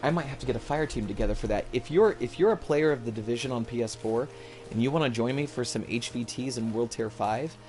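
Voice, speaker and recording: Streaming a video game from home, a man rambles through live gameplay commentary, loose and self-correcting. He talks fast in a mid-range voice with a darkish tone, over faint background music.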